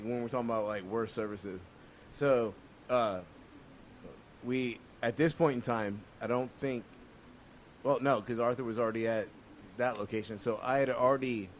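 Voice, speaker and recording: A man who works as a chef, co-hosting a casual podcast, cracking dry jokes and then telling a calmer story of his own. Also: fairly low pitch, slight background noise. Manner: dry joking interjections, quieter when narrating.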